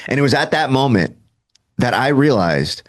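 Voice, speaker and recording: A man's voice: medium pitch, sing-song, moderate pace. Candid man telling his recovery story. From Southern California. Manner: casual, self-deprecating, filler-heavy, acts out quoted dialogue.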